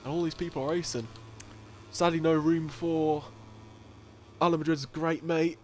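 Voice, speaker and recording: Slight background noise sits behind a man whose voice is on the high side, steady, a little mellow, and moderately paced. He hosts a league stream with casual commentary, joking around, cursing heavily, laughing readily, and reading chat out loud.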